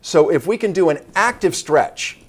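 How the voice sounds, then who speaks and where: A man's voice: on the high side, lively intonation, moderate pace. A man, a doctor guest, explaining step by step in an interview.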